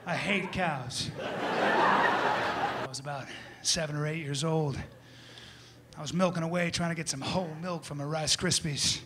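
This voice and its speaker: A man performing a comic monologue, animated, breaking into shouted high character voices. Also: unhurried, noisy background. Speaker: comedian. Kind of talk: stand-up style comic monologue.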